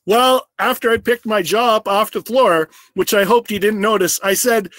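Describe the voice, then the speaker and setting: High-voiced man giving a speech. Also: fairly bright tone, no room sound. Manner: earnest, storytelling, with slow emphatic phrases. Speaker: business owner giving an awards speech. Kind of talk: prepared speech.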